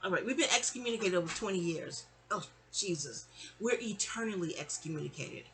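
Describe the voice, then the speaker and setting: A middle-aged woman from New York telling a long personal story in a chatty, animated way, slipping into other people's voices. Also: lowish voice, fairly quick, slight background noise. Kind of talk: casual storytime monologue.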